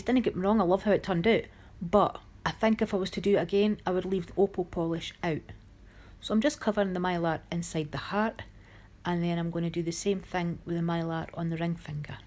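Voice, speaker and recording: A woman's voice: lowish voice, a little mellow. A woman narrating a nail art tutorial in a chatty, homely way, often critical of her own work. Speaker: nail art channel host.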